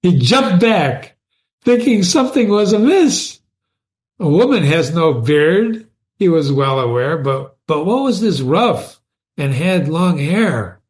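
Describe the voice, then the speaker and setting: A man reading a classic comic poem aloud, pausing to explain words and images to his listeners. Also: fairly high pitch, big pitch swings. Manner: slow, explaining asides to listeners. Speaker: reader of classic poetry.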